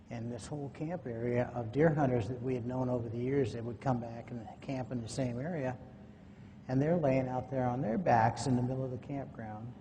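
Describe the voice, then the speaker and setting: Man telling a folksy story at a conference mic, mellow voice, echoey hall, lo-fi old recording. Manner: folksy, acts out quoted dialogue. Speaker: conference speaker. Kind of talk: personal storytelling talk. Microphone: microphone at a podium or in hand. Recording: echoey hall, faint noise, low-quality 2009 recording.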